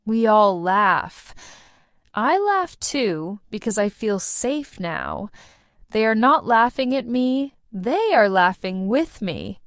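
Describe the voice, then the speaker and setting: A woman reading a short first-person story aloud for English learners, in a slow and deliberate manner. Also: medium pitch, very animated, a bit bright, no room sound, clean studio sound. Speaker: English teacher narrator.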